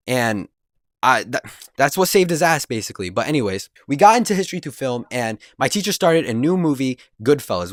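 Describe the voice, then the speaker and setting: A man's voice: mid-range voice, no room sound, clean studio sound. A young man telling a story-time vlog in a rambling, slangy and profane way. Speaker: vlogger.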